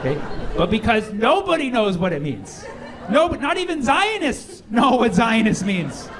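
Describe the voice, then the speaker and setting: A man's voice: extremely high pitch, sing-song. A man doing stand-up in a comedy club, playful and ironic, slipping into quoted voices. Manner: playful, ironic, quick asides and acted quotes. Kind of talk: stand-up routine. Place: comedy club stage with a live audience. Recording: live club recording with crowd laughter.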